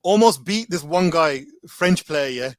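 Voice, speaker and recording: A man's voice: fairly high pitch, unhurried, no room sound. Chatty man telling stories. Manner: animated, slangy, full of fillers. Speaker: guest. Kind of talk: casual storytelling.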